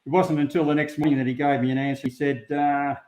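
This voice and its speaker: A man's voice: a little high, flat delivery, a little mellow. An Australian man, a sheepdog handler, talking unhurriedly as an interview guest with plenty of ums. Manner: unhurried, plain-spoken, many ums. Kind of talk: relaxed interview talk. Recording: roomy, dull lo-fi sound.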